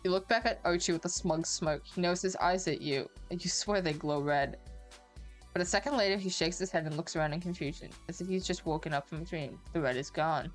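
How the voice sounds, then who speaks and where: A woman's voice: on the low side, a little fast, faint music behind. A woman streamer reading an interactive story aloud, with joking asides and casual swearing.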